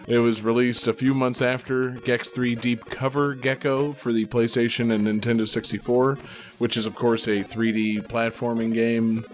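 A man's voice: medium pitch, little pitch movement, normal speed, soft background music. A man with a Boston accent chatting casually on a podcast, rambling with many fillers and laughing often. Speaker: podcast co-host.

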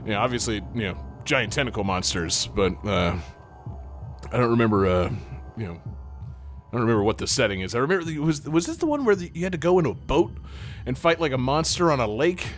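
A man's voice: medium pitch, sing-song, brisk. Lol just a guy rambling about games on a podcast, lots of "you know", little bit of music in the back. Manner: rambling, lots of fillers and laughs. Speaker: podcast co-host. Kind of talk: casual chat about video games.

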